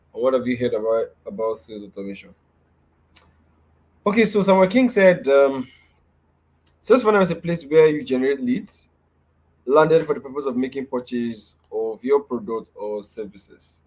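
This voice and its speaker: A man's voice: medium pitch, animated, normal speed, darkish tone. A young man with a Nigerian accent teaching a live webinar over a video call, repeating key phrases and often checking in with "right?". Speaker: webinar speaker.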